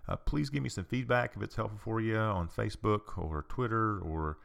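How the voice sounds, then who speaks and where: A man's voice: on the low side, normal speed, creaky, fairly bright tone. A man hosting a podcast, giving a conversational teaching talk and repeating his points for emphasis. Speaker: podcast host.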